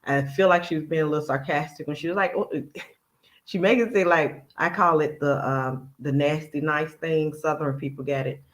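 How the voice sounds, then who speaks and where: A man with a fairly high speaking voice for his sex, talking in a chatty, conversational way. He hosts a reaction commentary, quoting another person's words and picking them apart line by line. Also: steady tone, normal speed, a bit bright, rough recording. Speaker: commentary channel host.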